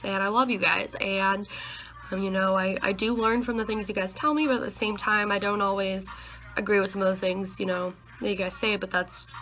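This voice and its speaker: A woman's voice: mid-range voice, sharp tone, poor audio. A nineteen-year-old woman vlogging in a chatty, rambling way, full of fillers. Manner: chatty, rambling, with many likes and you-knows. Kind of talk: casual vlog chat.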